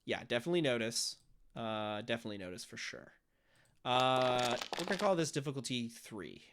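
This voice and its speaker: A man's voice: mid-range voice, animated, brisk, fairly bright tone, slight background noise. A man narrating a tabletop role-playing game as game master, explaining rules and acting out monster noises.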